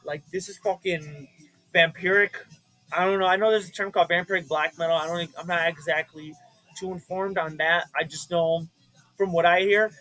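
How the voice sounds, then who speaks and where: Vlog host, young man, high-pitched, hyped and swearing, faint music behind. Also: moderate pace, rough recording. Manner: excitable and profane, with bursts of shouting. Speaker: vlogger showing his record collection. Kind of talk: casual chat.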